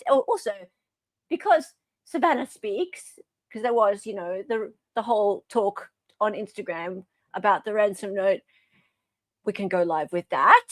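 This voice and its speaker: A woman's voice: medium pitch, dry recording. An Australian woman hosting casual true crime commentary, chatty and sarcastic.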